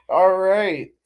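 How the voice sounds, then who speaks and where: A man's voice: sits high, smooth, dull audio. A man hosting a casual comedy podcast, reading out definitions and reacting with flustered laughs. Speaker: podcast host.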